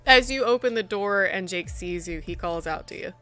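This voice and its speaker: A woman game master who narrates a tabletop horror game in a relaxed, matter-of-fact way. Her voice is bright and crisp, with faint music in the background. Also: medium pitch, moderate pace.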